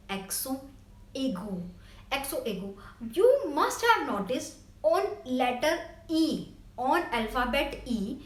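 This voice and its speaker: Woman French tutor with an Indian English accent: high voice, slow and deliberate delivery, repeats each word. Echoey room. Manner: slow and repetitive, spelling out sounds. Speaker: French teacher. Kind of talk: language lesson.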